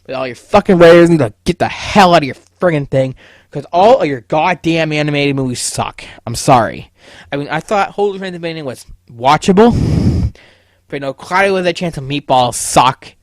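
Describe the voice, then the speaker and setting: A man's voice: on the high side, expressive, moderate pace, dry recording. A young man hosting a podcast, ranting casually with heavy swearing and stammered restarts. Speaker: podcast host. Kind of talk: casual solo podcast rant.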